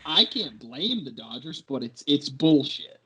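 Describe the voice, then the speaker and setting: A man's voice: medium pitch, very animated, measured pace, background noise. A young man co-hosting a casual sports podcast, ranting in exasperation and swearing constantly. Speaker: podcast co-host.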